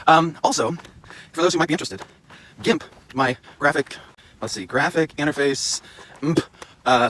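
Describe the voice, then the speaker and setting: In a low-quality recording full of wind and traffic sounds, a man with a medium-pitched, somewhat bright voice vlogs on a hiking trail. Holding the camera himself, he rambles casually and jokes at his own expense.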